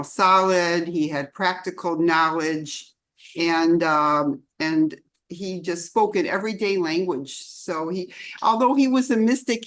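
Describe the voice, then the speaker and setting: Older woman, chatty and meandering. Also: lowish voice. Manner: chatty and meandering, laughs often. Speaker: longtime disciple sharing memories. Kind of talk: personal storytelling at a spiritual celebration.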